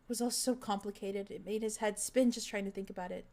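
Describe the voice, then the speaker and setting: Female reader: mid-pitched, steady, earnest story narration. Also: fast. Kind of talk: reading fan fiction aloud.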